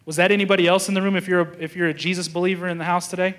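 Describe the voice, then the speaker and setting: A man's voice: high voice, level tone, rapid-fire, fairly bright tone. A young adult man, a pastor preaching a sermon, telling stories casually and acting out the thoughts of the people in them. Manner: storytelling, acts out quoted thoughts, restarts often.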